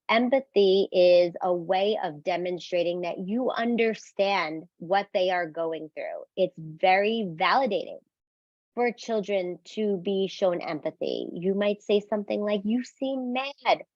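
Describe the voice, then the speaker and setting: Calm woman teaching parents, dry dull sound. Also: medium pitch, measured pace, no room sound. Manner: explains calmly, asks "right?", acts out sample phrases for parents. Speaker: parenting educator. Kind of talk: instructional talk.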